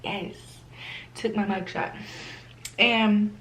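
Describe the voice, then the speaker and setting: Young woman vlogger, lively and slangy storyteller, mid-range voice. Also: mid-range voice, very slow, a little hiss or hum. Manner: animated, slangy, acts out quoted voices. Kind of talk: casual storytime chat.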